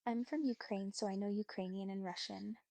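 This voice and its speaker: A woman giving calm, polite, reassuring replies in an even chatbot voice. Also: medium pitch, brisk, gravelly, dry recording.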